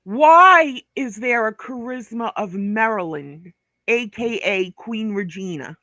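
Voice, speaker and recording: A woman's voice: on the high side, expressive, slow, sharp tone, dry recording, studio quality. A woman from Brooklyn, ranting on a commentary vlog, blunt, profane and scolding. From Brooklyn, New York. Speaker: vlogger.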